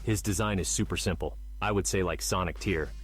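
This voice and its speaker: A man's voice: low voice, a little fast, faint music behind, close to an everyday voice. A man voicing Knuckles the echidna as a cocky, boastful know-it-all in a comedic fan dub. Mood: smug. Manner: self-satisfied, bossy about decisions.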